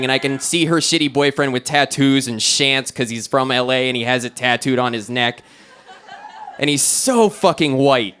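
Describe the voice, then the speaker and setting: A young man doing stand-up at an open mic, telling a long profane story and acting out the other people in it. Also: a little high. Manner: profane, rambling, animated storytelling with quoted voices. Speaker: stand-up comic. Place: small club stage.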